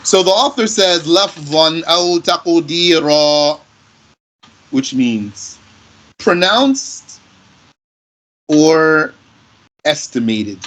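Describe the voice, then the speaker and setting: Slow, patient male grammar teacher. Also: mid-range voice, fairly bright tone, poor audio. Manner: slow, patient, repeats example phrases. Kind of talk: slow classroom explanation.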